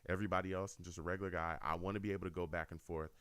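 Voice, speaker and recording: Deep-voiced animated male show host. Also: rapid-fire, smooth, no room sound. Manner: animated, repetitive, addresses listeners directly. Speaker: host of a fan radio show. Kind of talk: casual call-in show talk.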